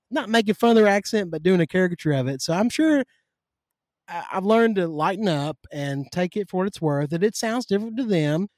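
A man with a warm Southern drawl tells stories in a folksy, animated manner, full of down-home sayings. His voice sits a little higher than most men's, and the recording is close and dry. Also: no room sound. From Kentucky. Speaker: podcast guest. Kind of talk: casual conversation.

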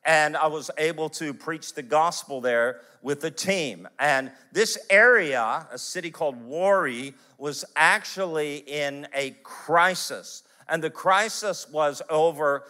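Male pastor, bright voice, energetic sermon delivery with punchy emphasis. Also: on the high side. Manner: animated storyteller, quick bursts of emphasis. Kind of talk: sermon with personal stories.

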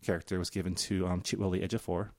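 A man chatting casually as a podcast co-host, halting and filling pauses with ums and laughs. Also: deep voice, little pitch movement, no room sound, clean studio sound. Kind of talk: casual chat.

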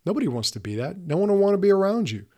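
A man's voice: sits high, very animated, racing, a little mellow. A man in his fifties hosting a podcast, giving an earnest, emphatic motivational talk straight to his listeners. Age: 50s. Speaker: podcast host.

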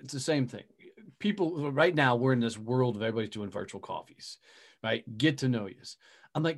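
A man's voice: medium pitch, lively intonation, fairly quick. A man hosting a podcast interview, talking casually and emphatically and swearing freely. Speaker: podcast host.

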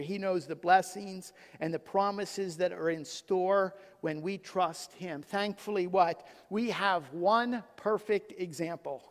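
A middle-aged man, a pastor, preaching a sermon with emphasis, swinging from loud to hushed. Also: sits high. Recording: long hall reverb.

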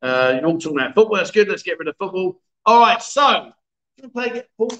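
A man's voice: sits high, big pitch swings, quick pace, pushed and bright, dull audio. A middle-aged man hosting a casual livestream, joking around and reading viewer comments aloud. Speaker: livestream host.

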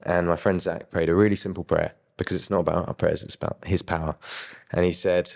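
A young man casually telling his personal faith story, with lively quoted dialogue and chuckles. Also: deep voice, brisk, creaky, big-room sound. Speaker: guest sharing his faith testimony.

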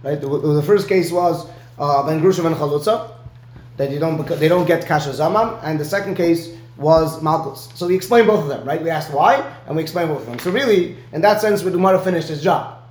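A man's voice: on the high side, fairly quick, a little mellow, slight background noise. Man teaching Talmud in an echoey room. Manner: explains step by step, checks in with "right?". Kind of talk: one-on-one Talmud lesson.

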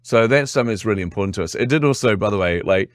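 Kiwi-accented man with a low voice. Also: racing, no echo, studio quality. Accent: New Zealand. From New Zealand. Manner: animated storyteller, acts out quotes, laughs often. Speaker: guest. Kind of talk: casual interview chat.

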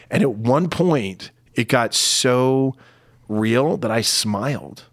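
Middle-aged man, candid storyteller, halting delivery with emotional moments, dry close sound. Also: mid-range voice, lively intonation, dry recording. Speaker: podcast guest. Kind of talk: personal storytelling in conversation.

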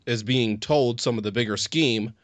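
A man's voice: medium pitch, normal speed, no room sound. A man co-hosting a podcast, casually retelling TV scenes and loosely quoting the characters. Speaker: podcast co-host. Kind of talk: casual chat recapping a TV episode.

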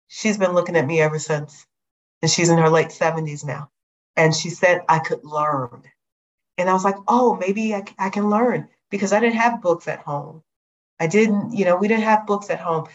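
A middle-aged woman from Chicago, a guest telling her life story in a lively, animated way. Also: lowish voice. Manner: lively, animated retelling with acted quotes. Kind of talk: storytelling interview. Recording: dull lo-fi sound.

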